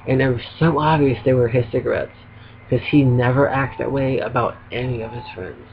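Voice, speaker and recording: A man's voice: mid-range voice, fairly even intonation, brisk, slight background noise. Rambling man venting on a webcam vlog. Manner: rambling, frequent ums and short laughs. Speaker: vlogger. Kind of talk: casual venting to camera. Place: at home. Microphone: laptop webcam. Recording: dull lo-fi webcam audio.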